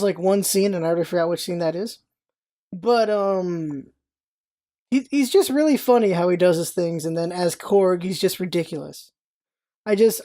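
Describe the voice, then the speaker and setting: A young woman casually reviewing a movie on her vlog, chatty and excitable, rambling with restarts and quick character impressions. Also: medium pitch.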